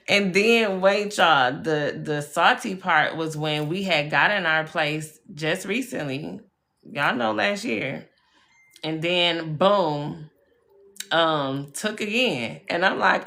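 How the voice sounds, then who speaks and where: This live-stream spiritual reader speaks in a lowish voice, slow, pushed and bright. Chatty and emphatic, she tells personal stories, swears freely and calls her viewers y'all and baby.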